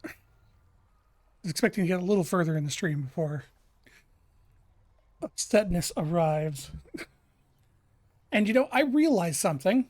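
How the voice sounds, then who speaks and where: An animated game streamer rambles in live commentary, restarting sentences and breaking into laughter often, with frequent pauses at a moderate pace. The mid-pitched voice has a somewhat dark tone, recorded close and dry with no room sound.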